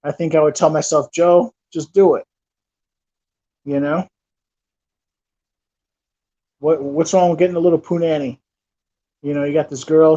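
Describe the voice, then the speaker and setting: In a dull, lo-fi recording, a thirtysomething channel host shares a personal anecdote in a loose, rambling way, heavy on fillers and false starts. His voice is on the high side and a little mellow.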